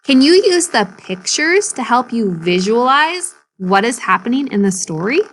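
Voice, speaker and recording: A woman's voice: a little high, very animated, moderate pace, slight background noise. A woman teacher reading a story aloud and explaining it to children in a video lesson.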